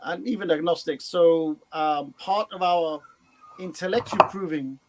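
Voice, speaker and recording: A man's voice: a little high, a little slow, heavy background noise. A man explaining an idea in a casual chat, with hesitant fillers and restarts. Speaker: guest speaker.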